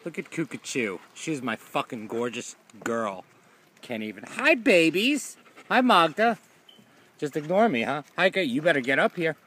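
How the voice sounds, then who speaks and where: A man filming his dogs for a casual video, switching between loud scolding and doting baby talk, with some casual swearing. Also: mid-range voice, lively intonation, moderate pace, a little hiss or hum. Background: dogs in the background.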